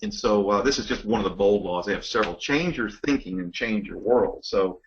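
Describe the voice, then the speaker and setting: Low-voiced reflective man, lo-fi sound. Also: brisk, slight background noise. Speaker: mortgage loan officer. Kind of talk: casual business chat. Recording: dull lo-fi.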